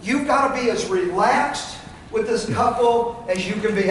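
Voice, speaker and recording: High-voiced man training a sales team. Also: a little fast, hardly any pauses. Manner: folksy, role-plays lines to customers. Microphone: without a microphone, away from the recorder. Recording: roomy, distant, faint room noise.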